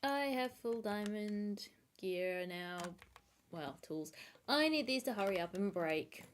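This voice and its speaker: A woman's voice: medium pitch, animated, takes it slowly, a little hiss or hum. A woman streamer chatting to herself with wry asides while playing a game. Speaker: gaming streamer. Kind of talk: casual gameplay commentary.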